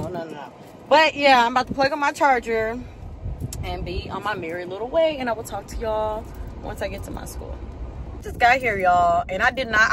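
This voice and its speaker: A woman's voice: medium pitch, background noise. A woman, chatting casually to her phone camera in a rambling vlog. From Houston, Texas. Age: 20s. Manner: chatty, rambling, talks to viewers as y'all. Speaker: nursing student vlogger. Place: in a car and walking around campus.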